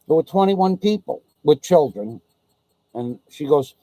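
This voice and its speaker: A man's voice: on the high side, lively intonation, normal speed, dry recording, rough recording. A man vlogging in an indignant, profane storytelling rant. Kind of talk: ranting monologue.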